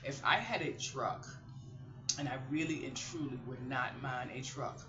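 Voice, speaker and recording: A middle-aged woman vlogger with a very deep voice speaks unhurriedly to her viewers, with background noise present. She chats and rambles, telling stories animatedly, and the recording sounds roomy and a little muffled.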